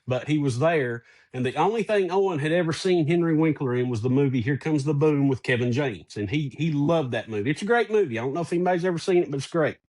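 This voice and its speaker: A middle-aged man co-hosting a casual podcast, telling a personal story in an animated way. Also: a little high, fast talker, few pauses. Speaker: podcast co-host.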